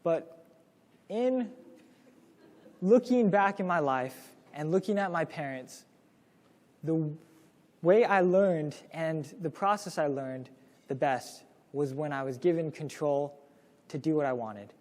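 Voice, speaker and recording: A man's voice: a little high, slow, pauses often, a little mellow, big-room sound. A young man presenting a parenting lesson to a class in a casual, storytelling way, acting out the lines he quotes. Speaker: course presenter.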